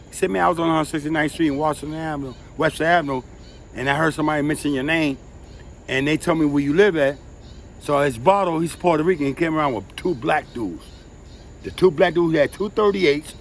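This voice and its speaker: A man telling profane, animated street stories, who has been drinking. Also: a little high, creaky, a little hiss or hum. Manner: profane, animated street storytelling with sound effects. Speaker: interviewee. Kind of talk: casual storytelling.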